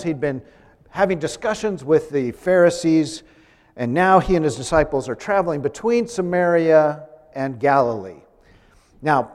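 A man delivers a sermon in a conversational manner, turning to the congregation with light, humorous asides. His voice sits a little on the high side for a man. The sound carries a long reverb from the church. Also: darkish tone. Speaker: preacher. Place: church sanctuary.

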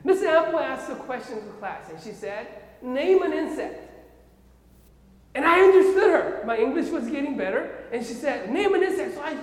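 A man from Korea with a Korean accent, preaching a sermon as an animated storyteller who keeps checking in with his listeners. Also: extremely high pitch, fairly quick, hardly any pauses. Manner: animated storyteller, often checks in with "okay?" and "right?". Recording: echoey hall with long reverb.

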